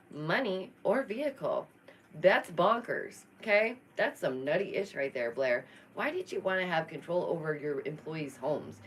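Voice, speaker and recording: A woman hosting a casual live-stream commentary, expressive and sassy, laughing often. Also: on the low side, slight background noise, rough recording. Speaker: YouTube commentary host.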